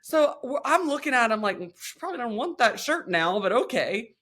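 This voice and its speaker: Young woman on a podcast, bright voice, super animated storytelling. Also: a little high, brisk. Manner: animated storytelling, acts out others' lines. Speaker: podcast co-host. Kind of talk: casual chat.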